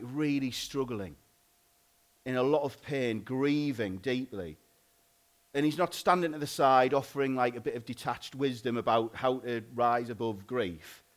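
Casual preacher. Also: male voice, mid-range voice. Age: adult, married. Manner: informal, conversational, frequent "like" and restarts. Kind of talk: sermon.

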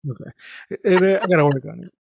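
A man telling a story in casual podcast chat, animated and profane, acting out the people in it. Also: high voice, fast talker, gravelly, heavy background noise. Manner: animated, profane, acts out the people in his stories.

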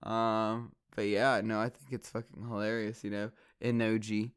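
A man's voice: on the low side, level tone, normal speed, clear, resonant tone. A young man, rambling casually as a vlogger, swearing often and filling gaps with ums and likes. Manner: swears a lot, rambling with many fillers.

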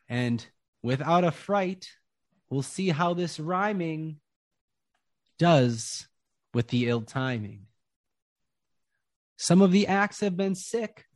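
A man voicing a showy, boastful male circus ringmaster who booms his lines and talks in rhymes. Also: darkish tone, no room sound. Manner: booming, theatrical, speaks in rhymes.

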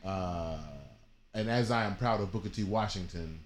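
A man hosting a casual live-stream chat, animated and dramatic, laughing often. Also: low voice, normal speed, slight background noise. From Dayton, Ohio family. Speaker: host.

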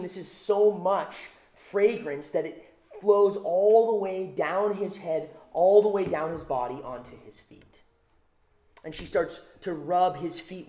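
Male pastor, mellow voice slightly high, emphatic sermon delivery, roomy echo. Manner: emphatic, repeats phrases for stress.

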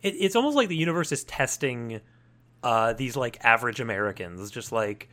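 A man chatting casually as a podcast co-host, his pitch swinging in a lively, animated way. His delivery is dry and wry. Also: fairly quick. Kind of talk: casual chat.

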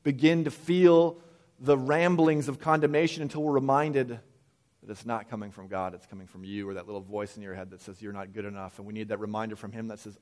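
A pastor with a lowish voice delivers a casual, conversational sermon a little fast, animatedly acting out quoted voices and restarting himself frequently.

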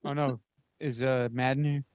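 A man's voice: medium pitch, little pitch movement, normal speed, a little mellow, clean tone, no echo. A man co-hosting a comedy podcast, joking around in casual chat. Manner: jokey, playful. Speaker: podcast co-host.

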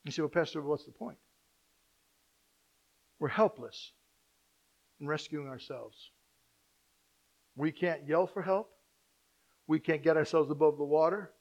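High-voiced preaching man. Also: dull audio. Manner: preaching with swings between loud emphasis and quiet asides. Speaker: pastor. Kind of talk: sermon.

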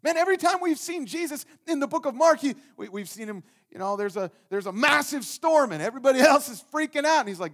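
A man preaching a sermon in an earnest way, swinging from loud, emphatic bursts down to hushed, soft passages. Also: high voice, animated, moderate pace. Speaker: pastor.

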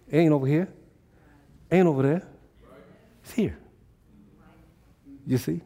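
A man preaching a sermon in a call-and-response style, often climbing into loud exhortation. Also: on the high side, measured pace, pauses often. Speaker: pastor.

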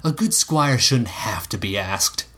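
A man voicing a smirking young boy squire in a storybook reading, with a raised boyish pitch. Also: expressive, measured pace, noisy background, natural voice. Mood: smug.

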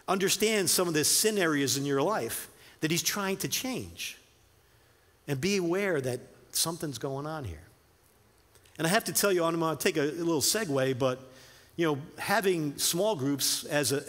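A man preaching a sermon in a slightly high voice, shifting between earnest exhortation and relaxed, lively storytelling. His voice rings through a hall with a long reverb. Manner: conversational, animated storytelling with filler words and restarts. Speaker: pastor.

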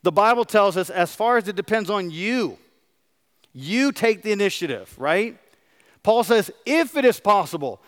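A man's voice: high voice, lively intonation, normal speed, fairly bright tone. A middle-aged man, a pastor, preaching a sermon and asking his congregation questions. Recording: long hall reverb.

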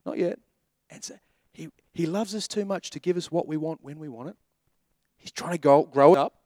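A middle-aged man preaching a sermon as a pastor, animated, repeating key phrases and acting out little asides. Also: on the high side, moderate pace, dry recording, studio quality.

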